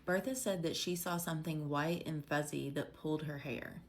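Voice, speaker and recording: A woman's voice: low voice, moderate pace. A woman narrating a short ghost story straight to the viewer, opening and closing with questions. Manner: direct, addresses the viewer with questions.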